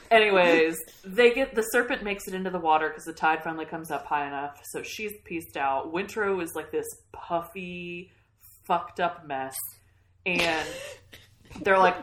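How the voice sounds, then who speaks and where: A woman telling a story in a casual, animated way, swearing often and laughing at the funny parts. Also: fairly low pitch, fairly quick. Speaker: podcast host recapping a book. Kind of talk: casual chat.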